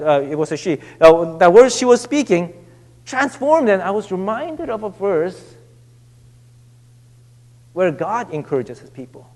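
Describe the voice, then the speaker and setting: A man with a high-pitched voice preaches a Sunday sermon, searching for words with many restarts and fillers. His voice drops soft and low when he reads scripture. The church hall gives a long, ringing reverb. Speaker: pastor. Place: church sanctuary.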